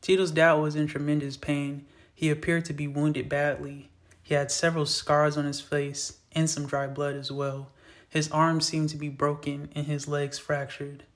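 A man's voice: a little high, fairly bright tone. Man reading his own story aloud. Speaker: author reading his book. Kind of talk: storytelling narration.

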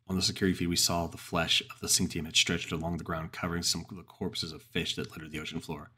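A man narrating a horror story in the first person, slow and grave. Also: sits low, level tone, sharp tone, slightly rough.

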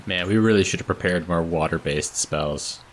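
Low-voiced man playing a tabletop game. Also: normal speed, a little hiss or hum. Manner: casual, reads rules aloud. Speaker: player. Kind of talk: casual tabletop chat.

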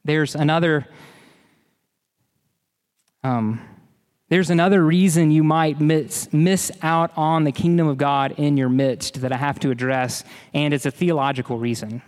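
A pastor delivers an emphatic, earnest sermon a little slowly, with long pauses and repetition to press his points. His voice is slightly high for a man yet darkish in tone, ringing with a large hall's long reverb.

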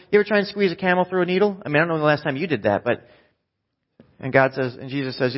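A man's voice: medium pitch, lively intonation, racing. A male pastor preaching a sermon in a casual, conversational, self-deprecating way. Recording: dull echoey hall sound.

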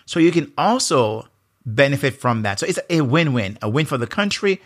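Speaking at normal speed with a Jamaican accent, this man hosts a motivational podcast on leadership, his medium-pitched, slightly bright voice swinging widely in pitch. He comes across as earnest and emphatic, frequently posing rhetorical questions.

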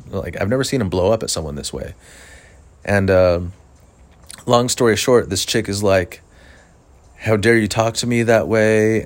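Low-voiced comedian guy rambling and cursing through a story, dead dry sound. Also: no echo. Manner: rambling, profane, lots of "like". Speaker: stand-up comedian. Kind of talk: casual storytelling monologue.

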